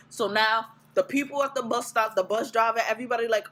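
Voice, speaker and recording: A woman's voice: a little high, a little fast, hardly any pauses, poor audio. A woman vlogger casually telling a story to camera, blunt and profane, acting out her reactions. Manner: blunt, profane, animated retelling.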